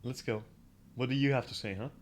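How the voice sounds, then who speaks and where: A man's voice: medium pitch, a little fast, a little hiss or hum. A man giving casual gameplay commentary, chatty and swearing offhand, breaking into laughter often. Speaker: gamer. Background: faint game music.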